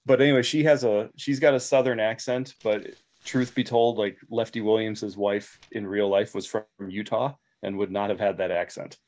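Low-voiced man explaining history. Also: fairly even intonation, moderate pace, few pauses, darkish tone. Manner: explains with many fillers and restarts. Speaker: guest expert. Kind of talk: casual discussion.

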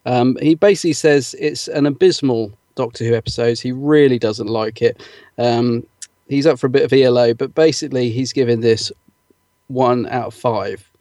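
A man's voice: mid-range voice, moderate pace, warm tone, dry recording, studio quality. A man co-hosting a podcast, casually reading out listener comments with lots of fillers and easy laughs. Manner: chatty, filler-heavy, laughs easily. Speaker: podcast co-host.

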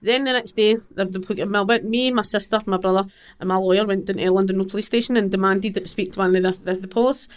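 Glaswegian Scottish woman, middle-aged guest, blunt and rapid-fire, acts out every exchange. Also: medium pitch, fairly even intonation. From Scotland. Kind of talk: conversational personal account.

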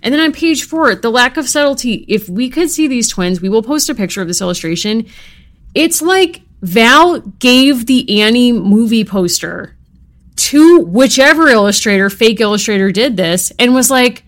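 A woman with a slightly raised pitch co-hosts a casual podcast. She talks with wry, theatrical exasperation, mixing banter with read-aloud passages. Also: animated, normal speed. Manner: wry, dramatic, exasperated humor. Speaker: podcast co-host. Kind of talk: casual podcast chat, reading a book aloud.

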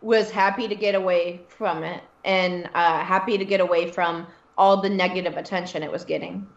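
A woman's voice: lowish voice, fairly even intonation, moderate pace. A woman guest in an interview, telling a personal story in a candid, emphatic way and repeating phrases for stress. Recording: roomy, dull lo-fi sound.

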